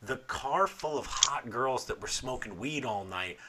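A man's voice: medium pitch, lively intonation, measured pace, background noise. A man in his thirties co-hosting a podcast, telling stories in a joking, profane, casual way. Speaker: podcast co-host. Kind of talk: casual chat.

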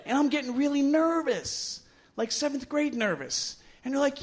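A middle-aged man with a fairly high voice tells a bawdy story live in a bar. He mocks himself and is animated, leaping up in pitch for the voices he quotes. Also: a little fast. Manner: animated, self-mocking, acts out quotes with loud jumps in pitch. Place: bar stage before a live audience.

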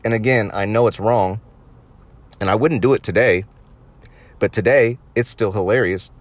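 A man's voice: lowish voice, normal speed. A young man casually recounting old stories in a laid-back, amused way. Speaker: storyteller. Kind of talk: casual anecdote.

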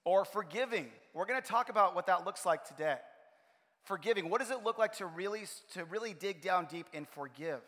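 A man preaching a sermon as pastor of his church, telling stories in an animated way. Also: high-pitched, fairly quick. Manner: animated storytelling, acts out his own frustration. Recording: long hall reverb.

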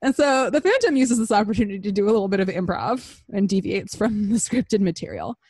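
A woman's voice: medium pitch, expressive, fairly quick, a little mellow, slightly rough, no echo. Crude, rambling comic host, woman, dry close recording. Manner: crude, rambling, lots of fillers. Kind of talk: comedic plot recap.

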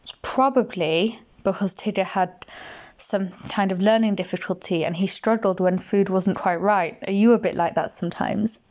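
A woman reads a bedtime story aloud to a child in a gentle, chatty way, her voice at a middling pitch. The recording is slightly muffled and lo-fi. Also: fairly even intonation, normal speed.

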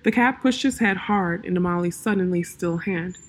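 A woman reading a fantasy story aloud in a calm, measured narration. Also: lowish voice.

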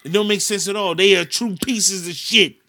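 A man's voice: high voice, moderate pace. A man from the United States, ranting in a casual chat on a podcast and cursing a lot. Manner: animated ranting, heavy cursing.

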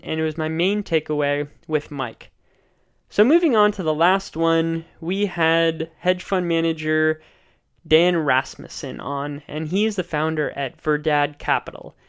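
A man talks through a solo podcast recap in a measured, explanatory way. His voice is smooth and clear, sitting slightly higher than a typical male voice. He sounds keen on the guests he describes. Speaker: podcast host.

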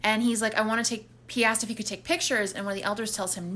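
A woman casually recapping a horror film plot, animated and quick to act out the characters' lines. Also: mid-range voice. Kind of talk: casual movie recap chat.

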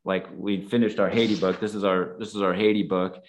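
Earnest man with a lowish voice, telling stories casually and rambling with fillers. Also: level tone, a little fast, slight background noise. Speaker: guest, photographer and nonprofit founder. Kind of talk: casual storytelling.

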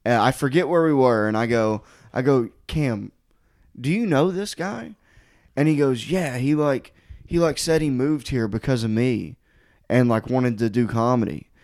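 This male podcast host speaks at normal speed in a mid-range voice, telling a story in laid-back conversation. He swears, stays animated, and uses plenty of "like" while voicing what others said.

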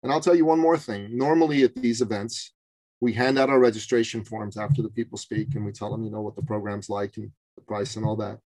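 Animated male storyteller on a podcast. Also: lowish voice, a little fast, dry recording, rough recording. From Canada. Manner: animated storyteller, emphatic, religious references. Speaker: podcast guest, business coach. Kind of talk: interview storytelling.

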